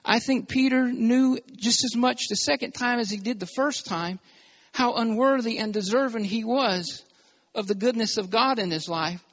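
A man's voice: extremely high pitch, normal speed, fairly bright tone, highs cut off. A male pastor preaching a sermon, emphatic, calling for amens from the congregation.

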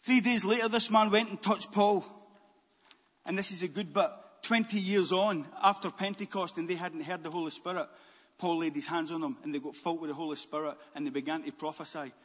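A man preaching a sermon as pastor, animated, with stammered restarts and bursts near a shout. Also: on the high side, fast. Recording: dull, long-echo church hall.

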